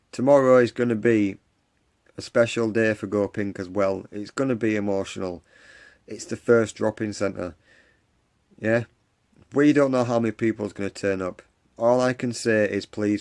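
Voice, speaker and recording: On a support group live stream, the host offers encouragement, repeating his earnest pep talk and replying to comments from viewers. He talks at a normal speed in a darkish voice on the low side, captured through a phone or webcam.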